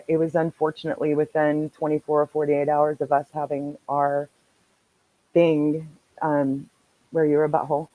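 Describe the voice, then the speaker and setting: A woman hosting a podcast, telling a story in casual chat, animated and swearing freely. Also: deep voice, narrow, tinny audio. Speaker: podcast host.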